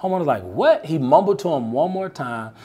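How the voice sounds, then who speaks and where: A man, coaching sales reps in a punchy, animated, preacher-like way, often tagging lines with "right?". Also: a little high, fairly quick. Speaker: sales coach and podcast host. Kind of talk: motivational sales coaching talk.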